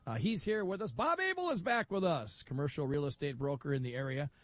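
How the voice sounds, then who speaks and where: A middle-aged man hosting live radio from a county fair. His voice sits a little high and swings widely in pitch as he spins an animated story, slipping into other people's voices. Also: a little fast, no echo. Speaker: radio talk show host. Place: outdoor broadcast booth at a county fair.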